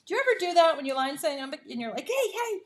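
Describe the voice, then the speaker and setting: Speaking fast in a high, expressive voice, a woman hosts a live papercraft demonstration from her home craft room. She's chatty and upbeat, laughs often, and cheers herself on.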